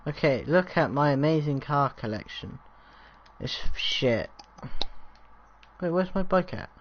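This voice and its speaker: A man's voice: a little high, animated, unhurried. A man hosting a casual gaming chat, joking and laughing through banter with a friend. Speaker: YouTuber host. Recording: muffled with faint hiss.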